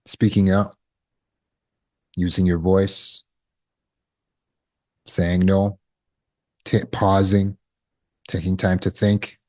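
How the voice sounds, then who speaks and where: A man's voice: low-pitched, level tone, drawn-out words, pauses often, a little mellow. A man, a trauma recovery coach, giving a conversational teaching talk and acting out short quoted exchanges.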